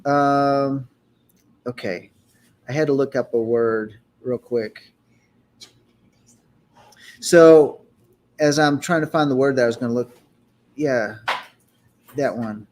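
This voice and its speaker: A man leading a group Torah study discussion, explaining scripture and sounding out Hebrew words in a measured, teaching manner. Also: mid-range voice, darkish tone, slight background noise.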